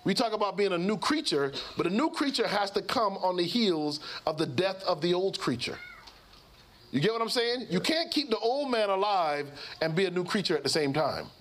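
A man with a high-pitched voice tells a story in a lively sermon style. He speaks as a pastor and physician, and he acts out the voices of the people in his story. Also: normal speed.

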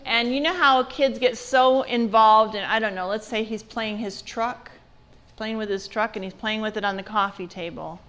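A woman's voice: fairly high pitch, normal speed, a bit bright. A woman giving a church parenting seminar in a conversational way, asking her audience questions. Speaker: parenting class speaker.

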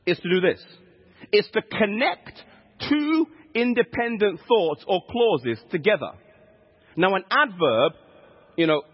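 Emphatic preacher in an echoey hall. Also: male voice, sits high, breathy edge. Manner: teaching, emphatic, repeats key points. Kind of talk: sermon. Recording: echoey hall, dull lo-fi sound.

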